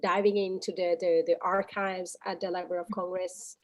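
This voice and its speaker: A woman's voice: lowish voice, flat delivery, normal speed. Hesitant woman interviewer on a video call. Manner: hesitant, many fillers and restarts. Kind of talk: interview questions.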